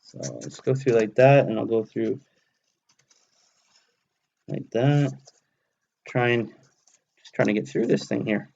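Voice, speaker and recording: A man in his thirties takes it slowly, his medium-pitched voice gravelly and a little mellow, with long pauses and the highs cut off. He's streaming live from his hobby table at home, casually talking himself through each step of the build.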